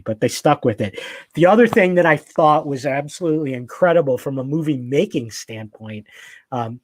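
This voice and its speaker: A man chats enthusiastically on a podcast, pitched a little higher than most men. He rambles, stacking fillers and restarting his sentences. The sound is dry, with no room around it. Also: lively intonation, normal speed, a little mellow, no room sound. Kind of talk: casual podcast chat.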